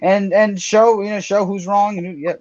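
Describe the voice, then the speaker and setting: A man speaking in an excitable, rambling way as a panelist in a casual online debate over a video call. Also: high-pitched, moderate pace, dull audio.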